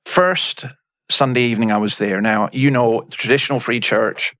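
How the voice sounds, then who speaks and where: A middle-aged man speaks at an ordinary mid pitch, telling stories bluntly and with emphasis. He is a minister guesting on a podcast, and his stories are lively and punchy. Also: normal speed, no echo, clean studio sound. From Scotland. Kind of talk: storytelling in a podcast interview.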